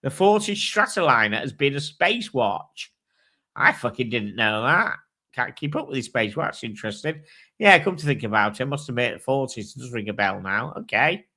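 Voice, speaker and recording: A man hosting a casual live chat with a bright, forceful voice. He thinks aloud, swears freely and reads specs and prices in an easy, offhand way. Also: mid-range voice, expressive, moderate pace. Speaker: host.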